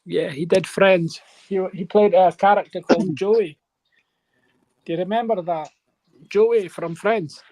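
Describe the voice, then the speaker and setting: A man's voice: high voice, unhurried, darkish tone, no echo. A man telling a long rambling story on a live panel, checking in with his listeners. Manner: rambling, keeps checking in with "right?".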